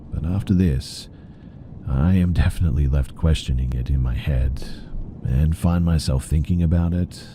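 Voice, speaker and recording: Male horror narrator, extremely low and dark voice, calm measured scripted read. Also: slight background noise. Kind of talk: scripted first-person story narration.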